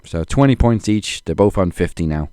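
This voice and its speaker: A man's voice: deep voice, expressive, normal speed, mellow, clear, resonant tone, dry recording. A man co-hosting a podcast in casual chat, handing out points with dry sarcasm. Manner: dry, sarcastic scoring of wrestlers. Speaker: podcast co-host.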